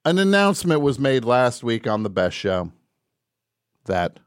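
A man hosting a live call-in radio show, wry and mock-boastful, dropping to quiet mumbles and rising to shouts. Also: medium pitch, very animated, unhurried, clean tone, no echo, clean studio sound.

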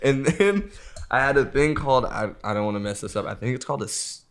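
A man's voice: medium pitch, fast, a bit bright. Young man telling a profane, slangy story. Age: young adult. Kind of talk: casual podcast chat.

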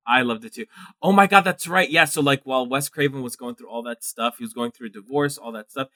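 A man co-hosting a casual podcast chat, talking animatedly and reading film trivia aloud with excitement. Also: mid-range voice, quick pace, no room sound, clean studio sound. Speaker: guest co-host.

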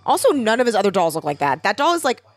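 A woman chatting casually while watching a show, sarcastic and quick to laugh. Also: mid-range voice, sing-song, no room sound, faint music behind. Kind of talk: casual reaction chat.

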